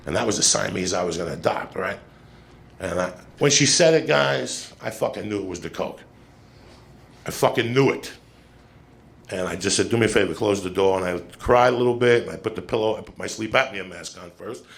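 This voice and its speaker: A man telling a long stand-up story, swearing constantly and rambling in an animated way, recorded at a live comedy show. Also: lowish voice, fairly quick, vocal fry. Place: comedy club stage. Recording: live show with crowd laughing. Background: audience laughter.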